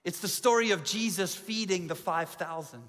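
A man preaches from a church stage, his voice high and bright, trading self-mocking jokes for strings of repeated phrases. Long reverb rings off the hall around him. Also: normal speed. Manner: humorous, self-deprecating asides; repetitive emphatic lists. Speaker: pastor. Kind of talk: sermon. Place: church auditorium.

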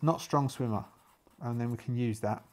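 A man's voice: mid-range voice, moderate pace, a little mellow, a little hiss or hum. Man from Ireland, casual solo-game narrator, rambling and thinking aloud, many fillers.

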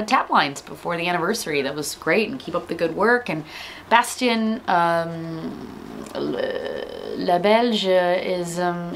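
Chatty woman with a lowish voice. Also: a little hiss or hum. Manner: frank and chatty, many ums and likes. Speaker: beer vlogger. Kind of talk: casual talk to camera.

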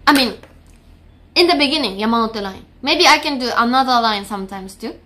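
High bright-voiced woman with a Japanese accent. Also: expressive, a little fast. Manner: chatty, laughs often, gropes for English words. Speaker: streamer. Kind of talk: casual live-stream chat with viewers.

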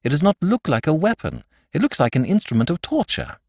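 A man voicing a mild, dreamy priest detective who speaks in a low, musing, solemn way. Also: lively intonation, moderate pace, dry recording, clean studio sound. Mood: earnest.

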